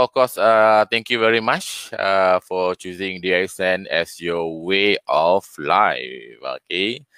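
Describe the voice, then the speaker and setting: Low, slow-spoken man hosting a live stream. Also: sharp tone, clear, resonant tone, dry recording. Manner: hesitant, with many fillers and restarts. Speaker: host of a live online company session.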